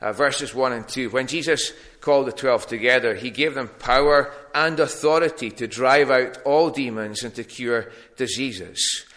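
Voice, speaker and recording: Guy preaching a sermon, bright voice, middle pitch, keeps restarting his sentences. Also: normal speed, hardly any pauses. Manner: plain teaching tone with frequent ums and restarts.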